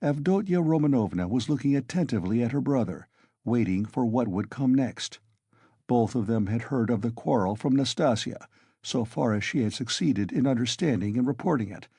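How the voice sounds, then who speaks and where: A male audiobook narrator reading in a measured, steady manner. His voice is mellow and dark at a mid pitch. The recording is close and dry. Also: husky, dry recording. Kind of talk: scripted narration.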